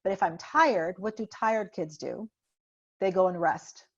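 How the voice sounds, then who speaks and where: A woman's voice: medium pitch, measured pace, breathy edge. A woman guest talking about parenting in a conversational interview, telling stories and acting out parent and child. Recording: muffled lo-fi audio.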